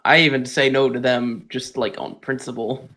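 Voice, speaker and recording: A man's voice: medium pitch, level tone, moderate pace, bright, forceful tone. A man chatting casually as a guest on a stream, jokey and plain-spoken, and playfully defensive when teased. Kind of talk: casual chat.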